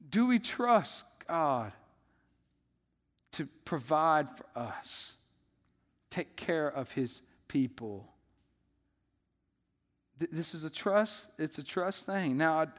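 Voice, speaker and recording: A man preaching a sermon as the pastor, in a conversational, animated storytelling way. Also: on the high side, big-room sound.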